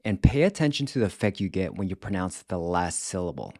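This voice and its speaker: A man teaching a language lesson in a scripted, careful way, repeating words slowly to show how they are said. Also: low-pitched, sing-song, darkish tone, dry recording, studio quality. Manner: slow, careful, demonstrates pronunciation by repeating words.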